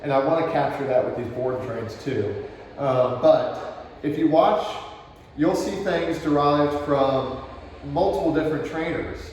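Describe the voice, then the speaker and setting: A relaxed man explains dog training as he works, often softening into quiet praise. He sounds set back from the microphone, with a lot of roomy echo and a faint ambient hum behind him. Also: fairly high pitch, measured pace. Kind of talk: explaining while demonstrating. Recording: distant, roomy outdoor camera audio.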